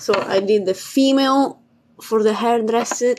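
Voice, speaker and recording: A woman's voice: fairly high pitch, unhurried, darkish tone, slight background noise. A woman hosting a casual spiritual live stream, bubbly and chatty, laughing often and swearing casually. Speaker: spiritual livestream host.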